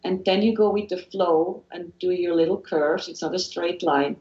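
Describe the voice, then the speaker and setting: Talking at normal speed with a darkish tone, a Swiss woman with a fairly low voice guests as a hypnotherapist in a motivational interview. She is earnest and encouraging but tends to restart sentences and repeat phrases. Everything sounds dull and lo-fi, with a roomy echo.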